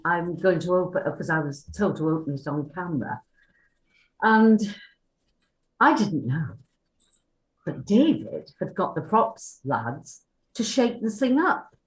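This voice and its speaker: An older woman with a Welsh accent, an actress telling lively anecdotes at a reunion panel. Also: fairly low pitch, a little slow, pauses often. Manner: lively storyteller, acts out quotes. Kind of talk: anecdotal casual chat. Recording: echoey room.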